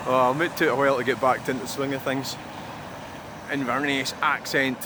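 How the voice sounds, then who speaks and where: A man rambling and grumbling as he vlogs beside a busy roundabout, swearing freely. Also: fairly high pitch. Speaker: truck-spotting vlogger. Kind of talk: casual rambling monologue. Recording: outdoor traffic noise. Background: passing cars and trucks.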